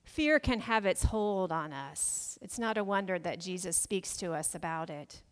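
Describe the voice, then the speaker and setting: A woman's voice: on the low side, expressive, a little slow, in a large hall. A woman pastor preaching a sermon in a conversational, storytelling way, often asking the congregation questions.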